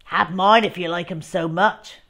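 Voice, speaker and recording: A woman's voice: lowish voice, fairly even intonation, normal speed, a bit bright. A woman reading aloud, voicing a rude, sulky schoolboy who snaps and grumbles. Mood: muttering. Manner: snappy, grumbling.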